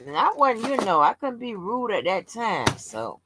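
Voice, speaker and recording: A woman's voice: medium pitch, very animated, moderate pace, fairly bright tone, slight background noise. A woman hosting a livestream open forum, telling stories in a blunt, profane, casual rant. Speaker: livestream host.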